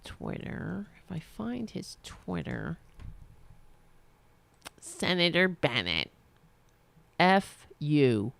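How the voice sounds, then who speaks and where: A woman's voice: on the low side, sing-song, slow, vocal fry, pauses often, bright, forceful tone. A woman hosting her own political commentary show, ranting angrily with sarcasm and plenty of swearing. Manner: profane, sarcastic and indignant. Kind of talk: angry political rant to camera.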